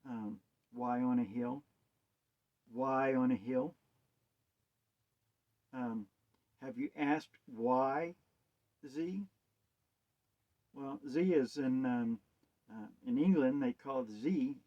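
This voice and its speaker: Taking it slowly with long pauses, a medium-pitched man who calls himself a preacher muses hesitantly on wordplay and scripture, asking rhetorical questions. The recording sounds dull and lo-fi.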